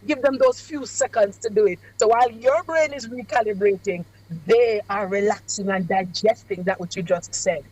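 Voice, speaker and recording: A woman gives speaking advice on a radio talk show. Her delivery is measured and emphatic, with a cadence close to preaching and deliberate pauses for effect. Her pitch sits in a middle range. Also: a little mellow, no room sound, rough recording. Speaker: guest speaker on public speaking. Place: away from the studio.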